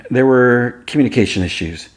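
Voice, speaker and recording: A man's voice: mid-range voice, moderate pace, voice pushed up, natural voice. A man playing a weary winged fairy woman who talks wistfully.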